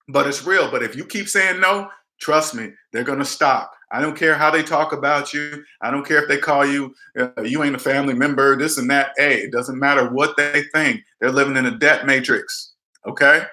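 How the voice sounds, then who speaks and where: A man's voice: mid-range voice, moderate pace, sharp tone, echoey room. A man giving blunt, emphatic money advice in a casual chat, repeating his points and acting out the people he quotes. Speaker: debt advice vlogger. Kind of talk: casual live-stream advice talk.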